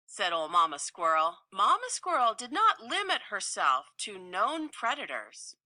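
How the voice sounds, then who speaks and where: A woman reading a children's story aloud with slow, playful, expressive delivery. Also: medium pitch, dry recording, clean studio sound.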